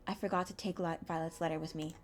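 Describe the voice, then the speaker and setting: A young woman streamer reading a visual novel aloud, with expressive, anxious narration and small stumbles. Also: low-pitched, fast talker, a little hiss or hum.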